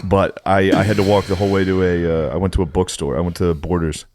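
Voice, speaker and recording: Low-voiced man telling a profane story. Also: quick pace, a little hiss or hum. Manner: profane, animated anecdote-telling with acted-out quotes. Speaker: podcast storyteller. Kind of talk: casual chat.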